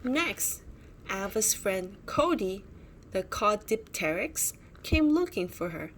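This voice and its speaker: Woman reading a bedtime story, slow and lively, faint hiss behind. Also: mid-range voice. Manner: slow, expressive, pointing out pictures. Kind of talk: bedtime story read aloud.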